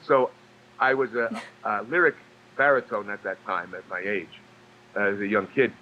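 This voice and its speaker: A man from New York, a guest actor and singer, telling stories in a halting way with many restarts and fillers. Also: on the low side, steady tone, highs cut off, a little hiss or hum. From New York, USA. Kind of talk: casual storytelling interview.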